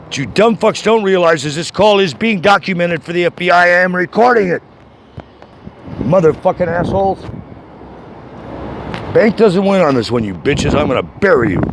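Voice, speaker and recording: Furious guy yelling at the bank on his phone, voice swings all over, outside with loud noise behind. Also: sits high, expressive, normal speed, long pauses. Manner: furious, shouting, swearing constantly. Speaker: caller. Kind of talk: angry phone call to a bank.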